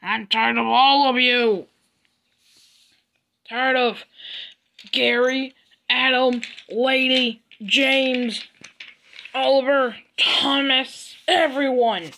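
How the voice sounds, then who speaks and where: A woman's voice: on the high side, unhurried, sharp tone, low-quality recording. Woman voicing a furious villain engine. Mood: ranting. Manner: snarling, ranting. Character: furious male villain engine, spiteful and bitter. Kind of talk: fan-made toy train drama voicing.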